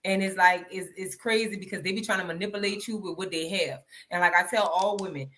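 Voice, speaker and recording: A woman's voice: lowish voice, brisk, pushed and bright. A woman hosting a live podcast, agreeing emphatically and speaking frankly in casual chat. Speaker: podcast host.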